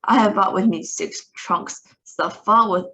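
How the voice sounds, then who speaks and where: A woman reading a storybook aloud, voicing a tiny, furious female witch leader who shouts and shrieks her orders. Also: medium pitch, a little slow, low-quality recording. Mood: commanding. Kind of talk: read-aloud storybook acting.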